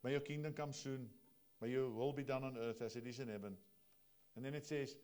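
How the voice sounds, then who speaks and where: A man preaching a sermon from the pulpit in a mid-pitched voice. He talks to the congregation plainly and directly, swinging between soft, low asides and loud, emphatic stretches. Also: moderate pace. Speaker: pastor.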